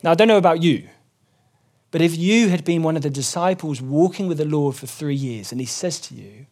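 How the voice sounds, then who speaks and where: A man's voice: on the high side, animated, moderate pace, darkish tone. A man preaching a sermon, earnestly explaining scripture and rising emphatically when he quotes it.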